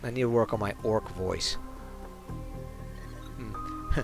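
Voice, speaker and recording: A man's voice: fairly low pitch, slow, vocal fry, long pauses, faint music behind. A man casually narrating a game on a stream, laughing often and making self-deprecating asides.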